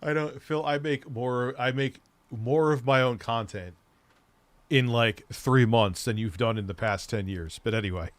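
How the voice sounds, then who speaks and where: A man's voice: medium pitch, a little slow, no room sound. A man hosting a live stream, mocking and ranting with plenty of swearing as he reacts to a clip. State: recovering from a leg injury. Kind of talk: casual live-stream commentary.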